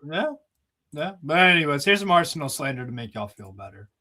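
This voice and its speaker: A man's voice: on the high side, very animated, a little fast, bright, forceful tone. A man hosting a casual streamed football chat in a laid-back, easygoing way. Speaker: host.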